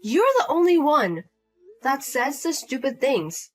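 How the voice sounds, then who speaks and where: A woman's voice: high-pitched, very animated, unhurried, soft background music. A woman voicing a fed-up young wife who answers bluntly and sharply. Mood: firm. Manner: sharp, blunt, repeating herself. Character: fed-up young wife standing her ground.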